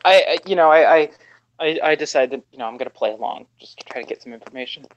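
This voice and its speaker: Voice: medium pitch, fast talker, dull audio, a little hiss or hum. A tabletop game player describing their moves hesitantly, stammering into restarts.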